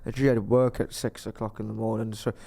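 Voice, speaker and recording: Fairly quick and flat in delivery, his low, creaky voice has a warm tone. In a casual podcast chat, this co-host spins a meandering tale and performs other people's lines.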